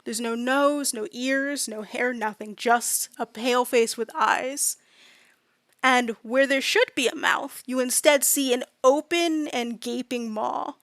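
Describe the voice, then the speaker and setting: A woman's voice: high voice, steady tone, slow, a bit bright, no echo, studio quality. A woman game master casually narrating a tabletop game, with many fillers in her descriptions.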